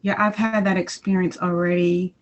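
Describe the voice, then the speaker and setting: A woman's voice: fairly low pitch, little pitch movement, normal speed. Hesitant woman on a dull call line. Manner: hesitant, restarts often, lots of fillers. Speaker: workshop participant. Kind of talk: casual call-in conversation.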